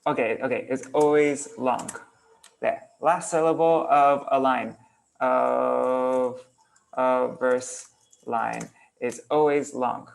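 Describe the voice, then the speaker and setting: A man's voice: mid-range voice, steady tone, slow, creaky. A man teaching an online class, casually thinking aloud as he works on screen and chanting out syllable patterns. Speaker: kirtan teacher. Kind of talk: online class explaining verse meter.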